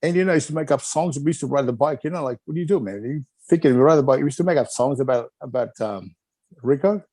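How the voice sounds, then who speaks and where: A man's voice: medium pitch, quick pace, darkish tone, no room sound. A middle-aged man from Wales, a retired wrestler, reminiscing in a rambling, chuckling way with lots of filler phrases.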